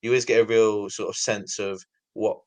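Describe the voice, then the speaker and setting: A man's voice: on the low side, fairly even intonation, moderate pace, no echo. A man in his thirties with an English accent hosting a casual interview, loose and full of "sort of" fillers. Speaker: podcast host, interviewer.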